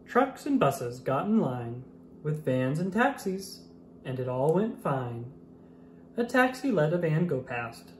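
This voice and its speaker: A reader narrating a children's picture book aloud with an expressive, sing-song rhyming delivery. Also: mid-range voice, takes it slowly. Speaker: storybook reader. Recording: roomy echo with faint room noise.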